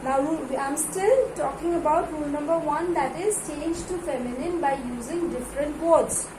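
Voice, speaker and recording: A high-voiced woman spells words out letter by letter and reads word lists in drawn-out, louder calls during an English grammar class. The recording has a roomy sound and plenty of room noise.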